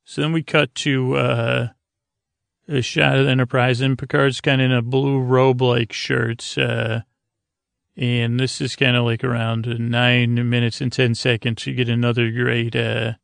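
A man hosting a podcast, giving a halting, filler-heavy episode recap meant to lull listeners to sleep. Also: medium pitch, flat delivery, gravelly, fairly bright tone, smooth, no room sound. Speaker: podcast host.

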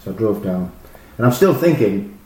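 A middle-aged man, a former footballer, telling animated, rambling stories full of fillers and restarts. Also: on the low side, normal speed. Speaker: former professional footballer, guest. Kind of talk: casual anecdotal storytelling. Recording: roomy echo with faint noise.

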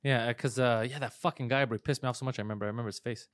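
A man hosting a comedy podcast, telling stories in fast, profane casual chat with lots of fillers. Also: medium pitch, fairly even intonation, no echo.

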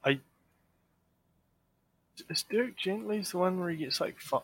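A man co-hosting a podcast, chatting about movies and teasing his co-host with quick jokes. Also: high-pitched, lively intonation, fairly bright tone, breathy edge. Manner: teasing, quick to joke and laugh. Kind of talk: casual chat about movies.

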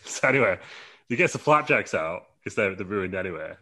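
A man's voice: low voice, lively intonation, brisk, bright, forceful tone. A man telling a long, rambling made-up story in a casual podcast chat, laughing often and acting out quotes.

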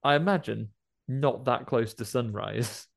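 A man's voice: mid-range voice, unhurried, vocal fry. A man chatting casually about a film, jokily acting out the characters' lines. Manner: jokey, playfully acts out film characters' lines.

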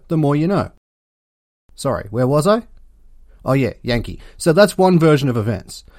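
A man with an Australian accent hosting a comedic history podcast, delivering sarcastic, deadpan jokes. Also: mid-range voice, dry recording, clean studio sound. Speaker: podcast host.

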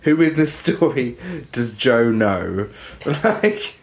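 A man's voice: mid-range voice, animated, slow, slight background noise. A man co-hosting a podcast, reacting with enthusiasm and laughing easily in casual chat. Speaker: podcast co-host.

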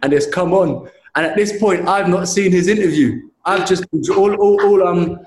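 A man's voice: high-pitched, normal speed, echoey room. A young man telling a story animatedly in a casual chat, with frequent restarts and slang. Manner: animated storytelling, says mate a lot.

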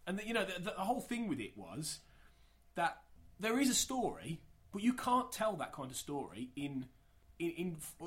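A man co-hosting a film podcast, talking emphatically in casual chat. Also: on the high side. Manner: emphatic, repeats himself when worked up.

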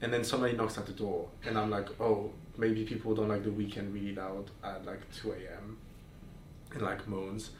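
Speaking at a moderate pace, a man with a lowish voice and little pitch movement hosts a podcast, frankly telling explicit stories full of fillers and restarts in casual chat. The recording is roomy and far-miked with faint noise.

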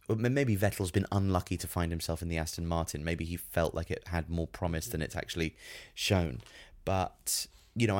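A wry man co-hosting a casual comedy podcast, teasing his partner and rambling through his points. His voice sits very low and deep. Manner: wry, rambling, many fillers and restarts. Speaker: podcast co-host.

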